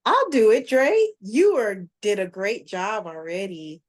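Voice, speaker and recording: A woman co-hosting a podcast casually recaps a TV episode, rambling with plenty of fillers and restarts. Her voice is medium-pitched with big pitch swings, and she speaks at a measured pace.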